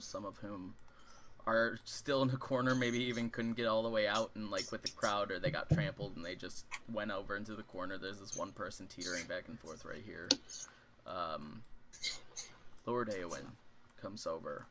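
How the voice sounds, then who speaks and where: Man, game master, low voice, improvised narration, frequent pauses, noisy background. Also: steady tone.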